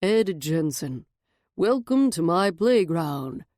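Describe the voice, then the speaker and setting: A woman doing a slow, genial host in his late fifties. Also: a little high, big pitch swings, a little mellow, no echo, studio quality. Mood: welcoming.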